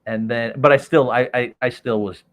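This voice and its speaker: Excitable man telling a story. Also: mid-range voice, moderate pace. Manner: excited, laughing, acts out quoted voices. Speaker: podcast guest. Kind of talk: animated anecdote storytelling.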